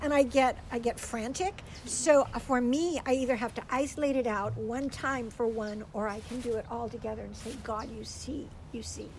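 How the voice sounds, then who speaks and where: An older woman giving a gentle, earnest faith teaching to a group, tearful at times as she speaks. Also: fairly high pitch, fairly even intonation, a little fast, hardly any pauses, a little hiss or hum, low-quality recording. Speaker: speaker teaching on prayer for children.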